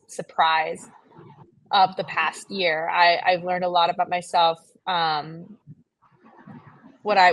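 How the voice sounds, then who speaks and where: A young woman from New Jersey, a playwright, telling a story in an interview in a chatty, animated way. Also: on the low side, no room sound. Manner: animated, chatty, many fillers and laughs. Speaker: playwright guest.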